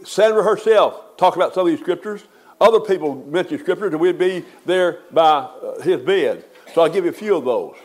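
An older pastor preaching a funeral sermon in a high voice. He talks in a folksy way and rises to emphatic, stretched-out peaks. His delivery is homespun and heartfelt. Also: lively intonation, moderate pace.

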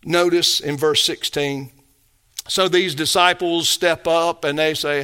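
Male pastor, bright high voice, emphatic preaching that swings from hushed to raised. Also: steady tone, slow, clean tone. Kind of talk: sermon.

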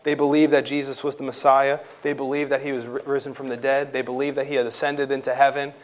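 A pastor preaching a sermon in a church, earnest and emphatic, with some fillers and rising intensity on key points. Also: male voice, mid-range voice, flat delivery, fast.

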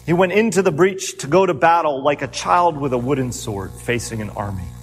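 A man preaching a sermon as a pastor, earnest and animated, asking his listeners rhetorical questions as he retells the story. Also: a little high, brisk, in a large hall, a little hiss or hum, low-quality recording.

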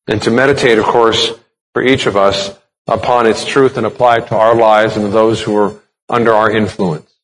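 A man's voice: fairly low pitch, steady tone, normal speed. Man preaching with rhetorical questions. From United States. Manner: explanatory, asks rhetorical questions. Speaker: pastor. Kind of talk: sermon.

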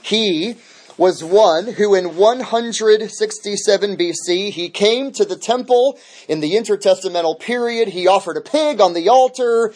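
A man's voice: high-pitched, unhurried, darkish tone. A man teaching a midweek Bible study as pastor, emphatic, restating key phrases over and over.

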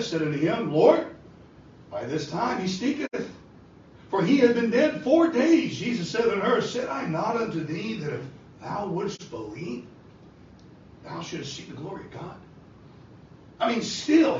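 Preacher, man, high and lively delivery, impassioned; distant mic in a roomy church, lo-fi. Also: normal speed, a little hiss or hum. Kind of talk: sermon. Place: church sanctuary. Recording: echoey church hall from far off, dull and lo-fi.

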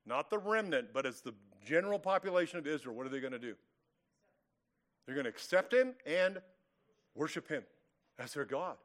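A man with a somewhat high voice preaches a verse-by-verse sermon. He is from California and leans hard on key words, stretches phrases out slowly for weight, and throws rhetorical questions at his listeners. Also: a bit bright. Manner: emphatic preaching with rhetorical questions and acted-out quotes. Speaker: pastor. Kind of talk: expository sermon.

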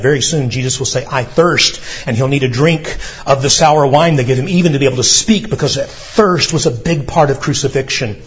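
A man's voice: mid-range voice, brisk, few pauses, highs cut off. A man preaching a sermon as pastor, earnestly explaining and reading scripture aloud to his congregation.

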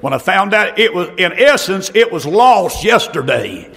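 Preacher guy, middle-aged, high gravelly voice, yells out the big lines, folksy storytelling. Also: sing-song, moderate pace. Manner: shouting, folksy storytelling with rising outbursts. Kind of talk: fiery revival sermon.

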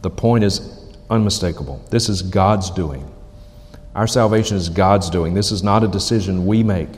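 A man preaching a sermon, emphatic, slowly repeating key phrases for weight. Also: sits low, a little mellow, big-room sound. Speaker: pastor.

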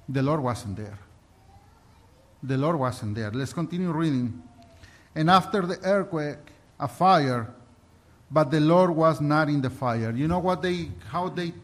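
A man with a somewhat high-pitched voice preaches a heartfelt sermon. He reads scripture aloud and shares his own experience in an earnest, halting way, often stopping to restart a thought. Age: adult. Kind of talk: sermon mixing Bible reading and personal testimony.

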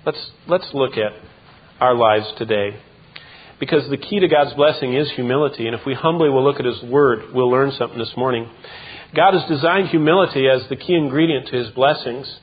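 A man preaching a sermon as pastor, emphatic, with repeated words and quick asides. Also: medium pitch, breathy edge. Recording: dull lo-fi sound.

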